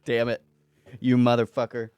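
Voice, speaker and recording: A man's voice: mid-range voice, monotone, normal speed, a little mellow, clean tone, highs cut off. Profane, laughing male podcast host. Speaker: father and new stand-up comic. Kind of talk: casual podcast chat.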